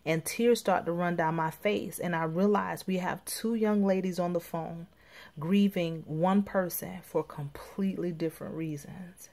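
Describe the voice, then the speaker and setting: A woman's voice: fairly low pitch, fairly even intonation, measured pace, a little mellow. A woman from Florida, working as a life coach, giving an intimate, emphatic personal testimony that sometimes drops to near whispers.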